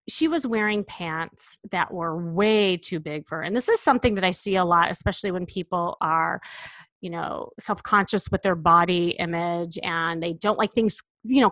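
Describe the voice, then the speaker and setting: A middle-aged woman, a personal stylist, telling a story about a client in a lively way, acting out the dialogue. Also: medium pitch, dry recording. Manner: lively, acts out dialogue in quotes.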